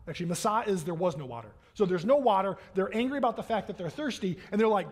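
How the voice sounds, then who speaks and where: A man's voice: high voice, brisk, hardly any pauses, darkish tone. A man preaching a sermon as a pastor in a church, in a conversational way that keeps checking in with "right?" and acts out the voices he quotes.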